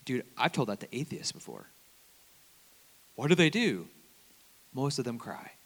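A man preaching a sermon, telling stories animatedly and swinging between loud bursts and hushed asides. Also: mid-range voice, big pitch swings, a little slow, big-room sound.

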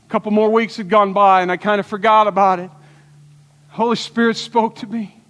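High-voiced preacher in an echoing hall. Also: male voice, steady tone, fairly quick, fairly bright tone. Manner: earnest, storytelling preacher with rhetorical questions. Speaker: pastor. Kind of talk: sermon. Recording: long hall reverb.

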